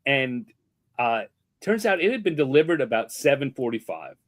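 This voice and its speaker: Lively man telling a story. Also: mid-range voice, normal speed. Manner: animated, acts out quotes. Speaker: guest artist and podcaster. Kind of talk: anecdotal storytelling in conversation.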